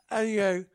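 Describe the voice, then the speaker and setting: A man chatting casually as a podcast co-host, his voice a touch high and gravelly with fry. He rambles through excitable stories and laughs as he goes. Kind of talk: casual chat.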